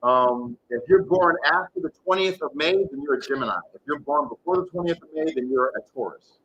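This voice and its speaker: A man's voice: fairly high pitch, animated, brisk, dull audio, slight background noise. A man hosting a tarot reading livestream, chatting casually and rambling, swearing often as he reads out viewers' comments.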